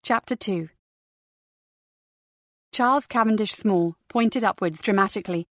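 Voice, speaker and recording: A woman narrating a crime novel audiobook in a steady, measured reading. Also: medium pitch, no echo. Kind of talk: scripted narration.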